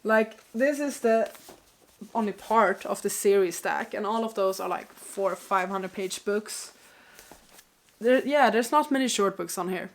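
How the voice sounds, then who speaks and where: A woman's voice: medium pitch, measured pace. Stuffy-voiced woman chatting about books. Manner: chatty, self-doubting, rambling. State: stuffy, congested voice. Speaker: book vlogger. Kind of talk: casual chat to camera.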